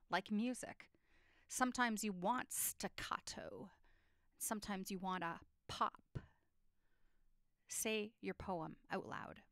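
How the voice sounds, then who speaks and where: A woman teaching a lesson on poetry structure, explaining clearly and reading poems aloud with feeling. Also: medium pitch, a bit bright, no room sound, studio quality.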